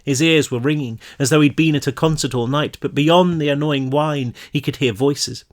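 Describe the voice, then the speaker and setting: A man's voice: on the high side, normal speed. Man reading his novel, voice rising in tense passages. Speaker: author reading his own novel aloud. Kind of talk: audiobook-style reading.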